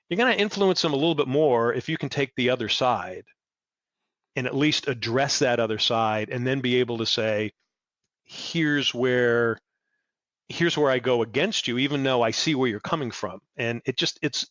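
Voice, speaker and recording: Older guy on a podcast, chatty storyteller, mid-pitch voice, jumps way up when he quotes people, dry close sound. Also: no echo. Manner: animated, acts out quoted exchanges in a higher voice. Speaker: podcast guest. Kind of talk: storytelling interview chat.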